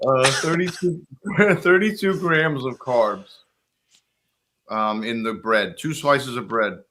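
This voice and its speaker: Slow, bright-voiced laid-back man. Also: medium pitch. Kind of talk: casual group chat.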